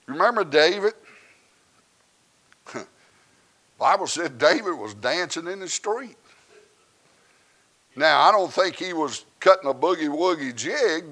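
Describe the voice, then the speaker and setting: A man, preaching a sermon that swings from quiet asides to loud shouted preaching. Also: on the high side.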